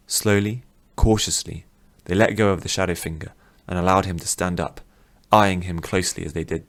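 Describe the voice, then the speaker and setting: A man reads a fantasy audiobook in a steady, measured way. His voice sits very low. The delivery is plain storytelling. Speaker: audiobook narrator.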